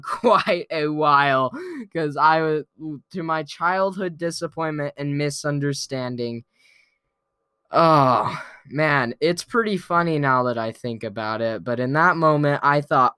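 Male vlogger, slow drawn-out delivery, bright clear voice, playful storytelling, frequent chuckles. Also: a little high, no room sound, clean studio sound. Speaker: vlogger telling a weekly story. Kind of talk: casual storytelling to camera.

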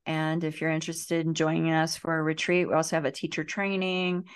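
Earnest woman guest on a video call, slightly low pitch, loose and chatty. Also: level tone, fairly quick, smooth. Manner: warm, earnest, speaks with many fillers and restarts. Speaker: guest, emotional healing educator. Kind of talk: casual interview talk.

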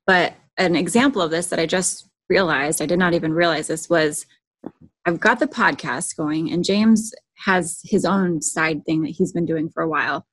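A woman's voice: fairly low pitch, moderate pace, a bit bright. A woman hosting a podcast who tells stories in a chatty way with lots of fillers. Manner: chatty, filler-heavy storytelling. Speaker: podcast host. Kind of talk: casual podcast conversation.

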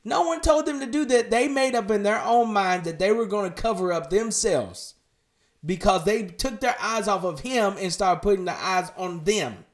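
A man preaching a podcast sermon, firing direct questions at the listener and dropping to a hushed, tender voice. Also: high voice, expressive, normal speed.

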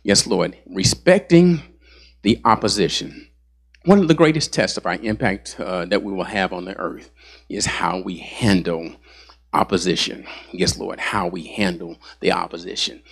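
A man's voice: sits low, moderate pace, gravelly, breathy edge. A man, a pastor, preaching a sermon and punctuating his points with "yes, Lord" and "hallelujah.".

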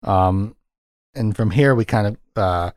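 Unhurried and slightly mellow, this man's voice sits on the low side. As a co-host in a relaxed film podcast, he retells scenes at length with many fillers, and the sound is dry and clean from a studio.

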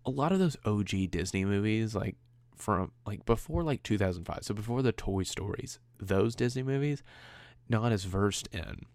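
A man's voice: fairly low pitch, expressive, moderate pace, darkish tone, dry recording. A man hosting his own podcast, rambling casually and conversationally, with a self-deprecating streak. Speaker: podcast host. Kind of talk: casual solo podcast chat.

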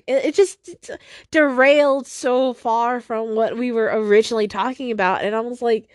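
A woman's voice: on the high side, normal speed, no echo, clean studio sound. A young woman hosting a solo podcast, venting in a rambling, frustrated way, swearing and often breaking off mid-sentence. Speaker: podcast host.

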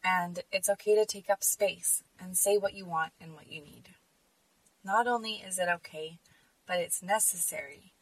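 A woman's voice: on the low side, moderate pace, slightly rough, dry recording, recorded from a distance, low-quality recording. A woman hosting a podcast, speaking in an earnest, emphatic personal monologue. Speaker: podcast host.

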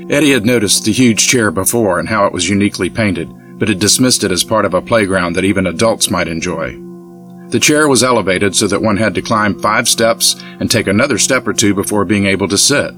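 This audiobook narration comes from a man whose pitch sits fairly low. His scripted delivery is even and unhurried, like a storyteller's.

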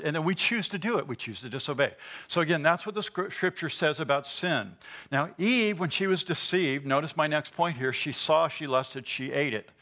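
Bright-voiced man preaching a sermon. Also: a little high. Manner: earnest teaching with rhetorical questions and repetition.

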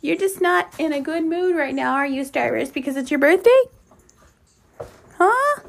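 A woman's voice: high-pitched, animated, moderate pace, gravelly, a bit bright. A woman hosting a podcast who talks in coaxing baby talk to her pet cat, asking it sing-song questions. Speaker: pet owner and podcast host.

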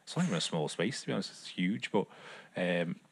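A young man with a deep, slightly rough voice co-hosts a podcast, speaking animatedly and fairly quickly. His casual chat rambles and is self-mocking, with many fillers.

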